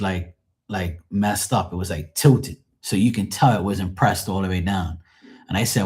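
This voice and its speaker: A man with a very low, husky voice talks casually on his livestream. He rambles through everyday stories, swearing freely and livening up when he quotes other people. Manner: profane, rambling, animated when quoting others. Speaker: livestream host. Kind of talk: casual storytelling chat.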